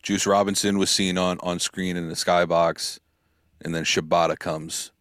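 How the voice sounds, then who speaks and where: A man co-hosting a casual chat show, chatty and explaining things in quick bursts. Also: low voice, steady tone, a bit bright, no echo, studio quality. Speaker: podcast co-host.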